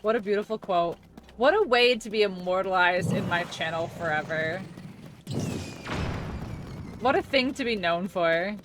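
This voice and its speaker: Streaming a game live, this woman in her thirties chats in a rambling, giggly way, leaning heavily on "like." She speaks unhurriedly in a medium-pitched voice with long pauses, against a noisy background.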